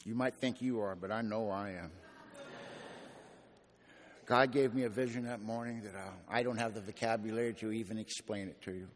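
A man's voice: on the low side, steady tone, normal speed, long pauses. A man giving an emphatic, wry personal testimony to an audience, telling his own story. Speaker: speaker sharing his recovery story. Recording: long echoing hall reverb.

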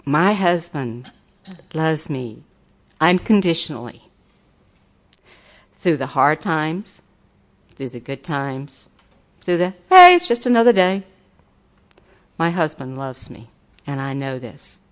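A woman's voice: deep voice, slow pace, pauses often, dull audio. An older woman giving an earnest, folksy personal testimony at a recovery meeting. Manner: earnest, folksy, turns enthusiastic and laughing.

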